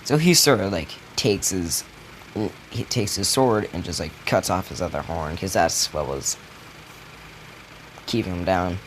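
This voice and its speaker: A man's voice: sits low, measured pace, slight background noise. A man telling a made-up story in a casual, rambling, profane way. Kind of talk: casual retelling of a fan scenario.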